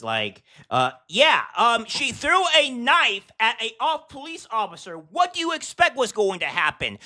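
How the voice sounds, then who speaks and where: A man with a bright, fairly high voice talks through news clips in casual commentary. He mocks and scorns as he goes, stopping often for fillers and restarts. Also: very animated. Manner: scornful, mocking, halting with fillers. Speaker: commentary host.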